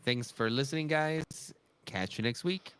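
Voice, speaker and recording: A man co-hosting a live podcast, giving brief, relaxed replies in casual chat. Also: medium pitch, normal speed, smooth, no echo. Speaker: podcast co-host and editor.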